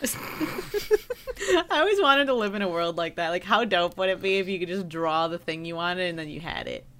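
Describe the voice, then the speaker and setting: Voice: medium pitch, expressive, moderate pace, bright, forceful tone. A podcast co-host chatting casually, upbeat and enthusiastic, with casual slang. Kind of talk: casual chat.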